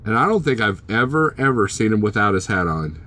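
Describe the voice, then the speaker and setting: A man's voice: on the low side, very animated, fairly quick, sharp tone. A man vlogging as a truck driver, casually chatting and joking with his live-stream viewers and teasing them by name.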